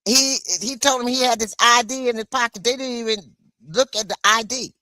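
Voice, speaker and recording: A woman's voice: fairly high pitch, steady tone, moderate pace, sharp tone, no echo. A woman from the United States hosting a solo livestream, venting in an impassioned, emphatic way. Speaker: livestream host.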